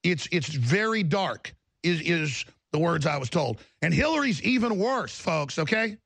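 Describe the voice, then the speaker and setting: A man's voice: a little high, very animated, measured pace, creaky, a bit bright, breathy edge, dry recording. A man hosting a broadcast, delivering a fervent, ranting monologue with emphatic repetition. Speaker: talk show host.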